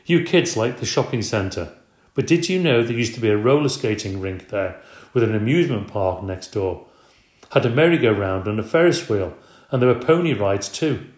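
A man reading the part of an elderly grandmother who speaks up with lively, emphatic reminiscence in a storybook reading. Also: lowish voice, moderate pace, close to an everyday voice. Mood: spirited. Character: chatty elderly woman, grandmother, spirited storyteller. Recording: roomy echo.

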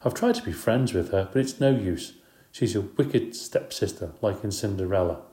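A man voicing Miranda, a kind, patient girl who speaks gently and earnestly, in an audiobook. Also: lowish voice, expressive, moderate pace, reverberant, natural voice. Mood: sad. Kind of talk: audiobook character voice.

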